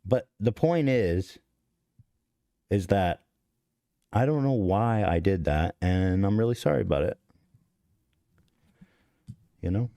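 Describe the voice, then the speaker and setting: With a low, gravelly, warm voice, a male podcast host speaks slowly and expressively, pausing often. Recorded cleanly in a studio without room sound, he tells a rambling, profane, self-deprecating story full of restarts as casual confessional talk.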